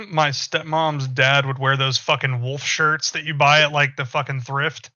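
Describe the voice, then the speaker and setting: A man's voice: fairly high pitch, little pitch movement, unhurried, sharp tone, no room sound, dull audio. A young man co-hosting a casual podcast, rambling with lots of fillers and swearing. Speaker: podcast co-host.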